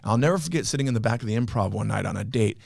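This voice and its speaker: A man's voice: lowish voice, racing, vocal fry. A middle-aged man from Los Angeles, a comedian telling stories on a podcast and acting out what people said, swearing freely. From Los Angeles, USA. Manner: animated storyteller acting out quotes, swears freely. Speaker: comedian guest. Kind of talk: casual podcast storytelling.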